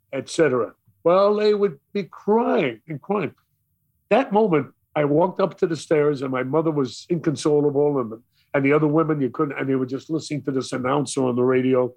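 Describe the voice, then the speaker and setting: Older New York man, animated storyteller. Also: fairly high pitch, normal speed, vocal fry. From Brooklyn, New York. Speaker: radio DJ guest. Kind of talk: storytelling interview.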